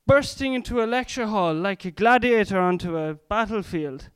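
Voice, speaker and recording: A man's voice: high-pitched, moderate pace, clear, resonant tone, dry recording. Exasperated young Irish guy telling a story. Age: young adult. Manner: exasperated storytelling with mock-heroic flourishes. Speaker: panelist. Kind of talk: comic anecdote.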